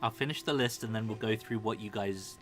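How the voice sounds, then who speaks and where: A man's voice: on the low side, music in the background. Man running a tabletop game online. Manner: slow, deliberate reading of an NPC's demands. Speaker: dungeon master. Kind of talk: streamed tabletop game narration.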